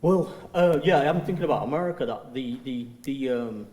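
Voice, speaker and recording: A man's voice: medium pitch, expressive, normal speed, darkish tone. A man interviewing an author at a festival, asking questions hesitantly with many "uh"s and "um"s. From England. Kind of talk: conversational interview. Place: festival hall. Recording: hall reverb.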